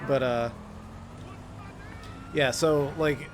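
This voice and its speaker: A young man streaming a game, chatting casually with deadpan dark jokes and chuckles. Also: medium pitch, extremely slow, noisy background. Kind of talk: casual chat while gaming.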